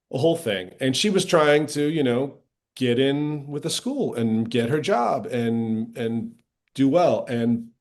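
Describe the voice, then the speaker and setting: A middle-aged man speaking as an interview guest, telling stories from his past in a relaxed, candid way. His voice sits at an ordinary middle pitch, and he jumps up when he acts out quoted lines. The delivery is animated and conversational. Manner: animated retelling, acting out quoted voices with lively shifts. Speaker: actor, podcast guest. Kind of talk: candid storytelling in a casual interview.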